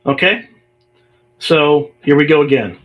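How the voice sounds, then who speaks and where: A man's voice: fairly high pitch, a little slow, lo-fi sound. A man hosting a livestream podcast, talking casually and reading emails aloud with exasperated, sarcastic asides. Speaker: podcast host.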